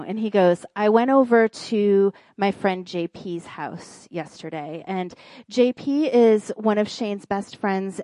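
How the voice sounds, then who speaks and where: A woman, a pastor's wife, preaching in church and telling a funny personal story in an animated way. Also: mid-range voice, no echo. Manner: animated storytelling, acts out quoted voices. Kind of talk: sermon with a humorous personal story.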